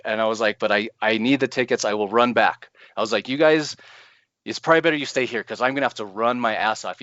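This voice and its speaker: Man telling a story with animated energy. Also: lowish voice, no room sound, highs cut off. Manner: animated, laughs often, acts out his own panic. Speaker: podcast co-host. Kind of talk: casual storytelling.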